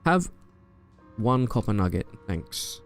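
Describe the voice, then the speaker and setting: A man's voice: fairly low pitch, big pitch swings, slow, soft background music. A young man giving casual, playful gameplay commentary, joking and trash-talking the enemies he fights. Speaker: gaming YouTuber.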